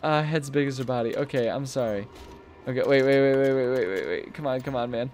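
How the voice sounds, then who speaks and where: A young man commenting casually while playing a video game, rambling and easily amused, often breaking into high-pitched laughter. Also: fairly quick, a little mellow. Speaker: gaming video host. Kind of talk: casual let's-play commentary.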